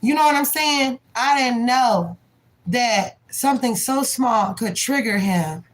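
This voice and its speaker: A woman's voice: a little high, slow, slight background noise, poor audio. A woman hosting a livestream reading, telling a story about her son in a candid, profane, casual way. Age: adult parent. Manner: candid, profane, animated when retelling. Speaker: tarot reader and livestream host.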